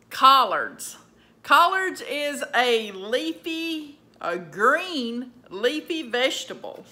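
A woman with a Southern US accent, a vlogger casually running through a list of words in a slow, plainspoken drawl. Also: high voice, bright, forceful tone.

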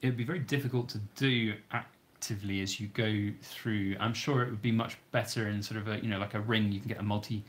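A man's voice: fairly low pitch, steady tone, a little fast. A man with a British accent hosting a livestream, reading viewer questions aloud and answering in an easygoing, conversational way. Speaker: channel host.

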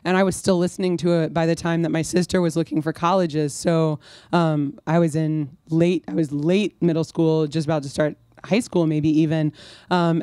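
A woman's voice: on the low side, warm tone, dry recording. Woman author, wry self-mocking storyteller, dry close sound. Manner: rambling, self-mocking storyteller with many restarts. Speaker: author at a bookstore event. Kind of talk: conversational Q&A and anecdote. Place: bookstore event before an audience.

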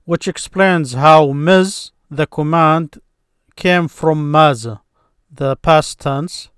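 A man teaching a grammar lesson, slowly and patiently explaining each form with repeated examples. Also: a little high, a bit bright, smooth, no room sound, studio quality.

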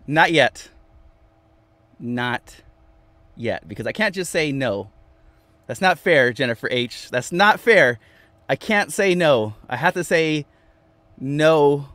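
A man chatting casually on a livestream from inside his van, reading viewers' comments aloud, talking to them by name and repeating himself with lively energy. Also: medium pitch, no echo. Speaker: vlogger reading live chat.

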